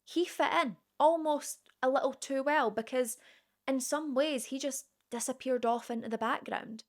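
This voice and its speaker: A woman's voice: high-pitched, normal speed. A woman telling a true crime story in a casual, chatty way, with conversational asides to the viewer.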